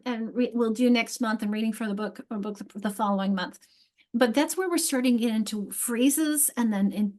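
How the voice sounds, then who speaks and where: Here a literacy workshop presenter with a darkish, somewhat high voice explains reading and spelling to teachers in a training session. She goes step by step, restarting often and putting questions to the room.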